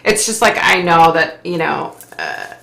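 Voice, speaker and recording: A woman's voice: low-pitched, wildly swooping pitch, unhurried, vocal fry, bright, forceful tone, reverberant. A middle-aged woman hosting a psychic livestream, reading viewer comments aloud and answering with sympathy and frequent sighs. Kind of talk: casual live chat reading comments.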